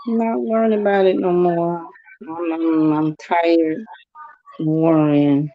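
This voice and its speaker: A sibling guest on a podcast livestream, talking slowly and haltingly, repeating words. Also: medium pitch, steady tone. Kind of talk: livestream chat. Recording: dull lo-fi livestream audio.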